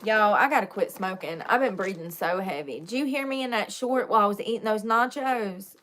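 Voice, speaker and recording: Young woman, casual vlogger, joking and candid, mid-pitched. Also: fairly quick, a bit bright. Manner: chatty, joking, confessional, laughs often. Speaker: vlogger doing makeup, chatting with viewers. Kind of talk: casual live-stream chat.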